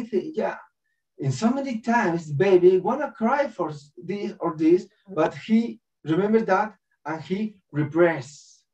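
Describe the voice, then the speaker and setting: A man's voice: high-pitched, expressive, measured pace, darkish tone. A man in his forties gives a personal spiritual talk in broken English. He acts out voices and laughs often. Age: 40s. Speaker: speaker at a spiritual festival. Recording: dull distant recording.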